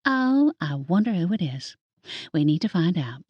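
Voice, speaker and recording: An eager young witch pushes her voice upward with excitement and teasing glee, voiced by a woman narrator. Her delivery swoops across a wide range. The recording is dry and close. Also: normal speed, no room sound, lo-fi sound. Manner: excited and high-pitched.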